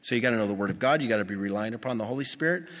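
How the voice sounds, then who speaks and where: A male pastor preaching a sermon, animated and putting rhetorical questions to his congregation. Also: lowish voice, rapid-fire. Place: church. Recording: long reverb of a church hall.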